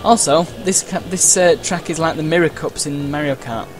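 A man's voice: a little high, normal speed, hardly any pauses. A man giving casual, rambling let's-play commentary while racing, full of uhs, side stories and playful exclamations. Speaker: gameplay commentator. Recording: game music and sound effects behind the voice.

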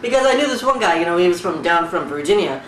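A young adult comic from Fiji, ranting loudly with constant swearing and mock outrage in a parody talk-show segment. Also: mid-range voice, fast talker. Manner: loud, animated, swearing constantly, exaggerated outrage. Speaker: comedian recreating a talk show. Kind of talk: profane comic rant to camera. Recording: roomy echo, distant mic, faint background hiss.

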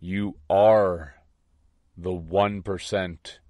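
A man's voice: low voice, fairly even intonation, drawn-out words, mellow, dry recording. A man giving an impassioned spiritual monologue, intense and defiant, repeating his points. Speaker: online preacher.

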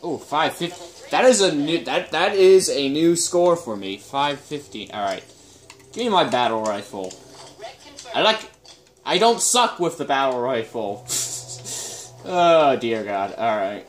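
A man's voice: medium pitch, expressive, unhurried. A man giving casual live gameplay commentary, chatting and reacting aloud with sudden exclamations and muttered groans.

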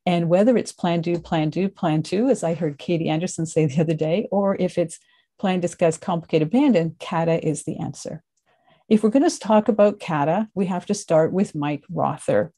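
A woman's voice: lowish voice, mellow. A woman with a Canadian accent giving a conversational webinar presentation, explaining ideas with occasional fillers.

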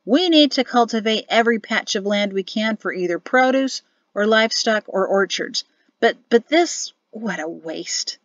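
A woman's voice: medium pitch, expressive, normal speed, dry recording, muffled recording, natural voice. A woman reading an audiobook, voicing a grumbling middle-aged army officer father with a sulky, sardonic manner.

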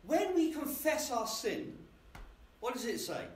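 A man's voice: extremely high pitch, very animated, measured pace. A man preaching a sermon in a church, conversational and often asking the congregation questions. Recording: echoey church from a distance.

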